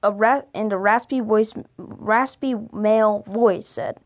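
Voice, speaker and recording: A woman reading scary stories aloud for a video, halting now and then to stumble over and correct her words. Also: medium pitch. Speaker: video creator.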